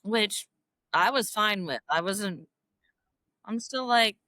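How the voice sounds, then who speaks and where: A middle-aged woman telling a personal story as a podcast guest, animated and emotional, acting out quoted dialogue in a higher voice. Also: takes it slowly, dry recording. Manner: emotional, self-described crier. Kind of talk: casual storytelling interview.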